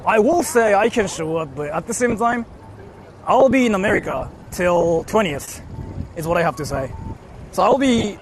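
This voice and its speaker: Young man, fairly high voice, rambling streamer, reads chat aloud, portable mic, faint street noise behind. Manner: rambling, heavy use of "like". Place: outdoors on a city street.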